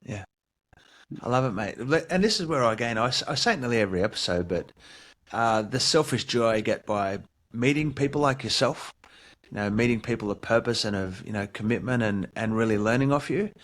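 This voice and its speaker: A man's voice: mid-range voice, lively intonation, fairly quick, a bit bright. A man with an Australian accent hosting a podcast interview, effusive and full of praise, calling his guest mate. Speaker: podcast host. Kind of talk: casual interview chat.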